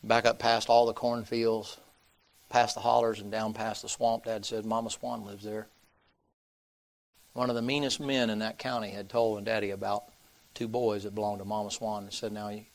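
A man's voice: lowish voice, level tone, normal speed. A man, preaching by telling a folksy story and acting out the people's voices. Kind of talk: sermon storytelling.

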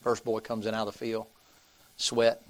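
A man's voice: on the low side, level tone, moderate pace. A man, preaching by telling a folksy story and acting out the people's voices. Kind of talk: sermon storytelling.

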